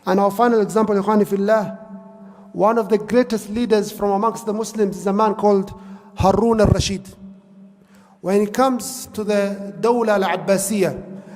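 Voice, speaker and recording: A man's voice: high-pitched, steady tone, normal speed, a little mellow, long reverb tail. A man preaching a sermon, telling stories earnestly and mixing in Arabic phrases. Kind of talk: sermon storytelling.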